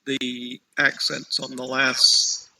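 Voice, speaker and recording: A male student puts a question to his teacher, speaking very slowly and haltingly in a gravelly voice with a bright, tense edge. He sounds somewhat distant from the mic. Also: mid-range voice, completely flat delivery, a little hiss or hum.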